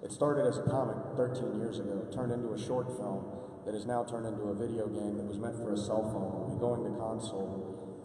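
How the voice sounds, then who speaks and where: A middle-aged man, a convention panel guest, telling relaxed anecdotes. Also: on the low side, brisk. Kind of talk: storytelling on a panel. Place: large convention hall. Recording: echoey hall from far off.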